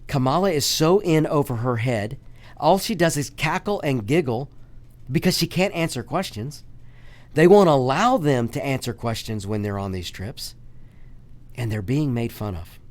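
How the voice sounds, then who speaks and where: Emphatic talk radio man, lively pitch. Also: moderate pace. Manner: emphatic, repetitive, addresses listeners as folks. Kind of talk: political talk radio monologue.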